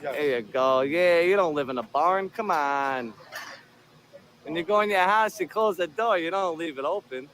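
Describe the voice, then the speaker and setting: A man's voice: on the high side, animated, normal speed, fairly bright tone, slight background noise. A man filming outdoors on a handheld phone, taunting people in a profane, combative way. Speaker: video host filming encounters. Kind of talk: confrontational street filming.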